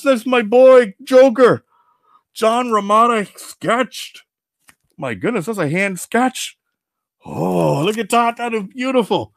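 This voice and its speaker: A man playing Venom, a boastful alien symbiote, in a goofy, excitable in-character comic unboxing. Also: sits high, vocal fry, dry recording, studio quality, heavily acted. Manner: goofy, excitable, answers himself with "yes".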